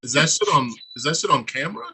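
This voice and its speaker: A man's voice: a little high, expressive, quick pace, sharp tone, slightly rough. A man hosting a casual podcast, reacting bluntly to a guest's story and swearing freely. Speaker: podcast host.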